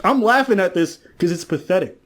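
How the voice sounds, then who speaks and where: A man's voice: high-pitched, lively intonation, a little fast, a bit bright. A man ranting on a podcast, mocking and telling stories while acting out other people's lines. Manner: mocking, acts out quotes, storytelling. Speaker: podcast commentator. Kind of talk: casual podcast rant.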